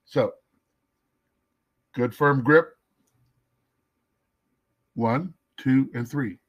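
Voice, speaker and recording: A man giving a casual devotional teaching, emphatic, slowing down to stress key words and sometimes dropping to a whisper. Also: mid-range voice, husky, dull audio. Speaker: messianic Jewish teacher.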